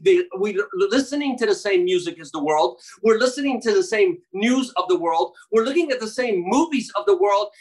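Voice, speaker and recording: A man's voice: sits high, animated, normal speed, few pauses. Exuberant man preaching with fervor. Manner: exuberant, emphatic, bursts of shouting. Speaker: guest doctor. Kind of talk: fervent preaching in an interview.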